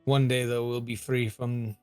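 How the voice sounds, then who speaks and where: A man's voice: medium pitch, level tone, unhurried, darkish tone, clear, resonant tone, soft background music. A man speaking in character at a tabletop game, drawling and musing. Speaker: player.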